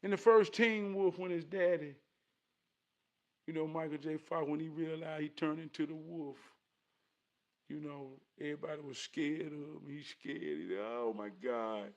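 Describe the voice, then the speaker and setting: Gravelly high-voiced man preaching. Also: normal speed. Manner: animated, preachy, streetwise slang. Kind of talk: casual motivational talk.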